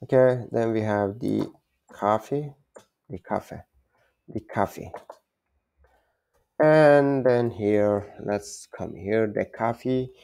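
Low slow guy w/ a gravelly voice, keeps repeating words n fixing himself. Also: mellow. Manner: halting, repeats words, self-correcting. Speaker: language learner teaching German basics. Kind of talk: informal self-taught lesson.

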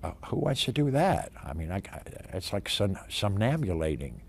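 An older male actor being interviewed about his career, talking in an emphatic, animated way with many restarts and stammers. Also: low-pitched, moderate pace, gravelly, slight background noise.

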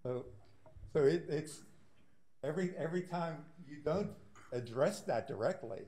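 A man speaking as a resident at a public meeting, insistent and halting, with many fillers. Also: fairly high pitch, expressive, warm tone. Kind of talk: heated public comment.

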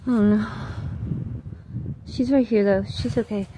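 A woman's voice: fairly high pitch, normal speed, mellow. A woman filming an outdoor vlog on her phone, giving an anxious, breathless running commentary. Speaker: vlogger. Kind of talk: handheld paranormal vlog commentary. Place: outdoors by a road at night. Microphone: phone camera. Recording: phone recording with outdoor noise.

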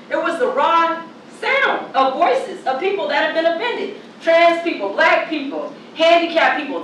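A woman's voice: sits high, bright, forceful tone, slight background noise. A woman from Oregon speaking on a panel as a community organizer, blunt and profane, repeating her points with force. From Oregon, United States. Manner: blunt, fiery and profane, with emphatic repetition. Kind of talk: impassioned panel speech. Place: large lecture hall. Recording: echoey hall, voice from far off.

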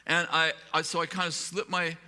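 Male pastor, fairly high and very bright voice, self-deprecating storyteller, hall reverb. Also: little pitch movement, normal speed. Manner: humorous, rambling, self-deprecating. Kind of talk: storytelling sermon. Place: live event hall.

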